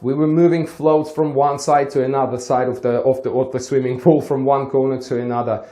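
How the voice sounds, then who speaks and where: A man's voice: on the high side, darkish tone. A man who teaches swimming, giving casual advice and telling a story, acting out the conversations as he goes. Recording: roomy echo.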